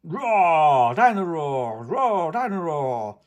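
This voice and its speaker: Man doing a booming chanting toy dinosaur. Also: sing-song, extremely slow, heavily acted.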